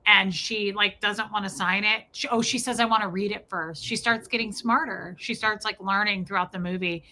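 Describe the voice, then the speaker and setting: A woman's voice: mid-range voice, normal speed, a little hiss or hum. A woman co-hosting a podcast, retelling a movie scene in casual chat, full of "like" fillers. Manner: animated storyteller, many "like" fillers. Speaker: podcast co-host.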